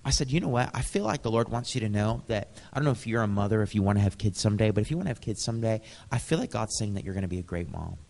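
A man's voice: on the low side, expressive, very fast, gravelly, hardly any pauses, a little mellow, in a large hall. An American man preaching a sermon, telling stories in a casual, conversational way with frequent chuckles. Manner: conversational, chuckles often, acts out dialogue. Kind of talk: storytelling sermon.

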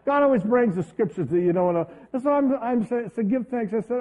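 A man preaching a sermon, telling a personal story in a conversational, halting way. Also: very high voice. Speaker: pastor. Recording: tinny phone-like lo-fi audio.

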